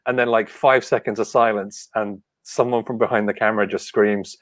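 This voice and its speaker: A man co-hosting a podcast tells stories in a casual chat, animatedly acting out lots of quotes. His voice is lowish, his speed normal, and there's no room sound.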